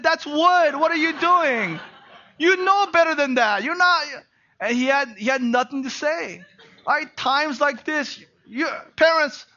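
A middle-aged man preaching a sermon as pastor, animated and peppered with rhetorical "right?" asides. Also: high voice, dull audio.

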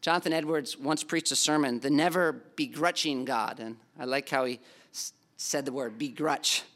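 A man's voice: medium pitch, moderate pace, fairly bright tone. A man preaching a sermon as pastor, earnest and emphatic, acting out the people in the story.

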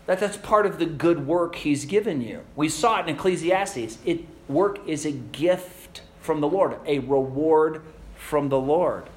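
A male pastor preaching a sermon, asking rhetorical questions and telling stories in an animated way. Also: a little high, measured pace.

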